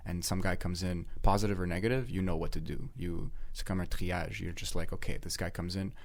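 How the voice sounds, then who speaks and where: Very low-voiced man, loose and rambling. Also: fairly even intonation, fairly quick. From Canada. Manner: loose, filler-heavy, swears often. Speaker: guest. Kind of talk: casual conversation.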